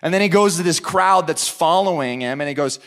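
A young man preaching as a youth pastor in a church service, excited and animated, with frequent restarts. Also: on the high side, fairly quick. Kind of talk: sermon.

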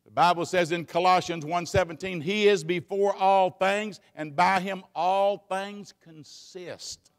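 A man preaching a sermon in a church, swinging between fervent shouts and hushed asides. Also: sits high, steady tone, a little slow, smooth. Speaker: pastor. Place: church sanctuary. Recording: long hall reverb.

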